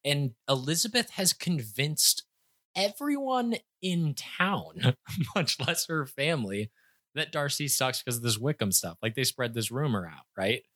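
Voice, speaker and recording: A young man co-hosting a casual book-discussion chat, enthusiastic and quick to laugh, with stumbling restarts. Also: mid-range voice, expressive, bright, forceful tone, no room sound, clean studio sound. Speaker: podcast co-host.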